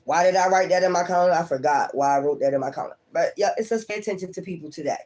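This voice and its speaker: High-voiced man giving a profane tarot reading. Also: darkish tone. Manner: profane, laughing, talks straight to viewers; acts out the viewer's thoughts in quick asides. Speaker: tarot reader.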